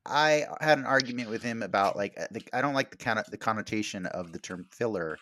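A man's voice: lowish voice, fast, sharp tone, slight background noise. A man hosting a podcast, chatting casually and rambling, with many fillers and restarts. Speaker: podcast host.

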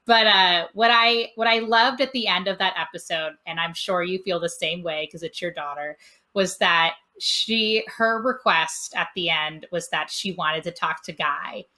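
Casting: gushing woman interviewer, bright and forceful tone, laughs a lot. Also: on the low side, a little slow. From Cincinnati, Ohio. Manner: effusive, laughs often, loud when excited. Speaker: podcast host. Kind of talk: casual interview chat.

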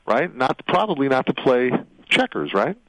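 A man's voice: mid-range voice, very animated, normal speed, no echo. A man hosting a radio interview as an attorney, walking his guest through her story with rambling leading questions that keep ending in "right?". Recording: dull radio audio.

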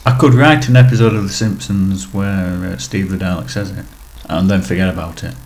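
A man's voice: low-pitched, fairly even intonation, fairly quick, a little mellow. A man co-hosting a podcast and reading listener emails, hesitant and self-deprecating. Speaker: podcast co-host.

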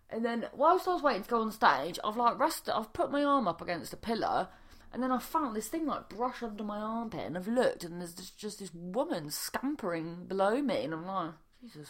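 A young woman, a stand-up comedian, telling a rambling casual story with swearing and many restarts. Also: lowish voice.

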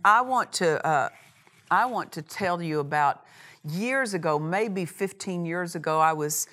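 A woman preaching a sermon, leaning on key phrases and slowing down to read scripture. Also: fairly low pitch, expressive, bright, forceful tone. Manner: emphatic, repeats key phrases, slows on scripture.

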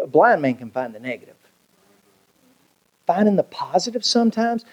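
A man, a pastor preaching a sermon in a folksy, storytelling way with big swings in pitch. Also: darkish tone, breathy edge. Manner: folksy storytelling preacher, swooping pitch, colloquial Southern grammar.

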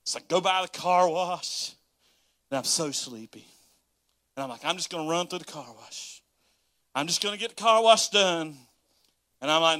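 A man, a pastor telling a folksy, animated story in a sermon with laughing asides to the congregation. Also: on the high side, moderate pace, long pauses.

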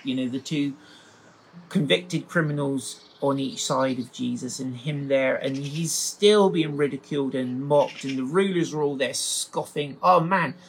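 Male Bible teacher, mid-pitched, emotional and exclaiming, reads passages and reflects on them aloud. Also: a little slow, a little hiss or hum, rough recording. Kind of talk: scripture reading with commentary.

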